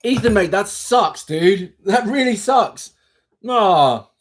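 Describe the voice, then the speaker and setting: A young man hosting a livestream, chatting casually with viewers in an animated, rambling way. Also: sits high, slow pace. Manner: chatty, animated, self-interrupting. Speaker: livestream host. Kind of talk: casual live chat with viewers.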